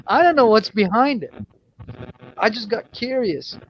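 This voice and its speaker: A man with a high voice recounts a strange experience in casual panel talk, animated and profane. His audio comes through a muffled, lo-fi video call. A faint noise sits underneath. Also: unhurried. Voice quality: animated storytelling, swears and laughs often. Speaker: storyteller on an open panel. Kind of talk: casual chat.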